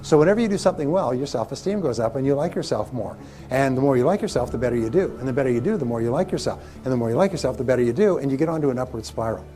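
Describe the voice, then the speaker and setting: A man's voice: medium pitch, animated, racing, mellow, soft background music. A man giving a motivational seminar talk to a live audience, emphatic and repetitive, leading them in call-and-response. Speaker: motivational speaker.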